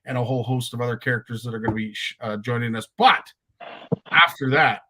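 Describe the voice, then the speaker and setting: A man's voice: medium pitch, quick pace, sharp tone. A man from Canada hosting a talk show, chatting casually with jokes at his own expense. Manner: jokey, self-deprecating. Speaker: host. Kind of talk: casual chat.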